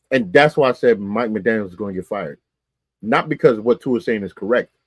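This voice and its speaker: A man's voice: lowish voice, a little mellow, breathy edge, no echo. A man co-hosting a live-streamed sports talk show, talking emphatically in colloquial speech and repeating phrases for effect.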